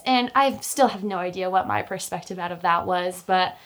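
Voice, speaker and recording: A woman's voice: fairly low pitch, fairly quick, few pauses. A young woman telling a personal story in casual chat, talkative, with many fillers and restarts. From Utah, US.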